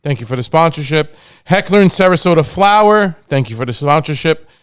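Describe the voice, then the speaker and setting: A man hosting a podcast, giving easygoing sponsor shout-outs in casual chat. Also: fairly high pitch, expressive, a little fast, clean tone. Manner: easygoing, reads sponsor plugs. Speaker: podcast host.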